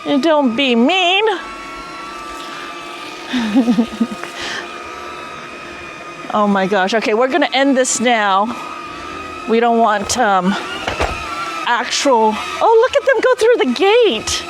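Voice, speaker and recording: A woman hosting a video, excitedly commenting outdoors as two small drones fly, giggling and fussing over them like pets. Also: on the high side, takes it slowly, pauses often, background noise. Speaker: vlog host testing drones. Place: outdoors near a garage.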